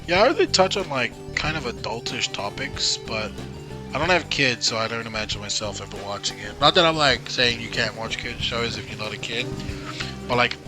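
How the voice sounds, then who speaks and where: A man's voice: medium pitch, expressive, moderate pace. A young Australian man from Queensland, chatting casually and rambling with sarcastic asides while playing a game. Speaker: gaming streamer. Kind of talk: casual chat over gameplay. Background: game music.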